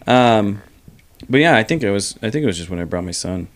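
A young man co-hosting a podcast in casual chat, an animated storyteller who keeps saying "like" and "you know what I mean". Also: lowish voice, a little fast. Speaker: podcast co-host.

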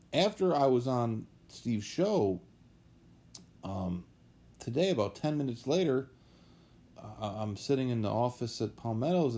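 A man's voice: on the low side, mellow. A man chatting casually on a podcast as a guest, telling rambling, anecdotal stories about horse racing.

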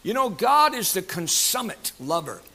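A male pastor delivers a sermon in a church, his voice high and ringing with a bright, forceful edge. He preaches in an animated, folksy way, full of fillers and jokes, and talks to his congregation. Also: normal speed.

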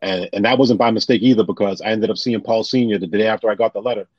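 A man telling personal stories on a podcast in an animated, casual way, often acting out what others said. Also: on the low side, quick pace, no room sound. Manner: animated, retells scenes with quoted voices. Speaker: guest. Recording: dull lo-fi sound.

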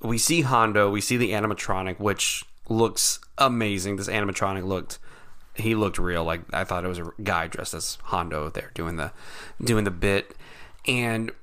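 A man co-hosting a casual chat, telling stories in an animated way and acting out the people in them. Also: on the low side, normal speed, clear, resonant tone. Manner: animated storyteller, acts out quoted people. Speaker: podcast co-host.

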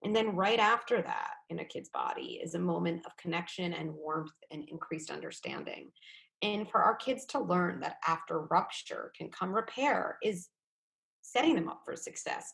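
A woman psychologist speaking as a guest in a conversational podcast interview, animated and often acting out quoted thoughts. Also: fairly low pitch, moderate pace, gravelly. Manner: animated, acts out quoted thoughts in little voices.

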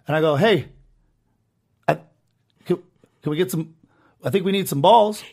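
A young man co-hosting a podcast, telling a profane, animated story full of acted quotes. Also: high voice, normal speed. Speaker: podcast co-host. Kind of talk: casual storytelling chat.

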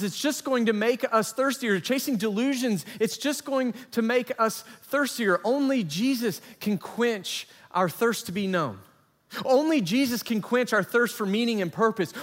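High-voiced pastor preaching in a reverberant hall. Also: male voice. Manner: earnest preaching with repeated phrases and rising emphasis. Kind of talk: sermon.

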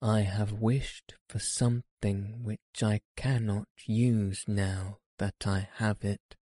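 A man reads out a fussy storybook frog who frets and lectures in a low, mellow voice. He takes his words very slowly and earnestly, and the sound is dry and close. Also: flat delivery, dry recording. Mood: lamenting. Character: fussy talkative male frog.

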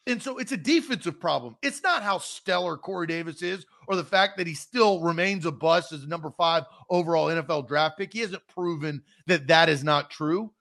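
A man's voice: on the high side, moderate pace, few pauses, fairly bright tone. A man co-hosting a sports talk show, emphatic and heated, repeating his points. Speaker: podcast co-host.

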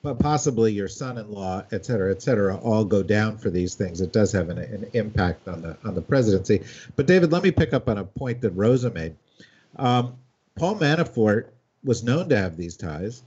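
A man's voice: lowish voice, expressive, moderate pace, darkish tone, husky. A man hosting a political panel discussion, steering the talk and using lots of fillers. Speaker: host. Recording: dull lo-fi audio.

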